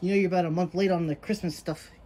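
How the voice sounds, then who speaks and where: Fast-talking rambling woman vlogger. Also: on the low side, a little hiss or hum. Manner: excitable, rambling, chatty with pets. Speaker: daily vlogger. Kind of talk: casual rambling vlog chat. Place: at home, yard and indoors.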